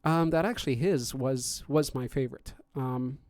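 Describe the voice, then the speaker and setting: With a medium-pitched, somewhat dark voice at normal speed, a man hosting a podcast stream talks through contest judging, which he does himself. His casual chat wanders, packed with fillers and restarts, and there's no echo.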